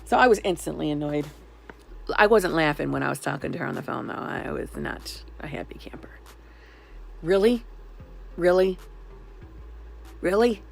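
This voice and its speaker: Sarcastic woman venting, gravelly low voice. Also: lively intonation, brisk, a little hiss or hum. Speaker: vlogger. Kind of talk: sarcastic storytelling vlog.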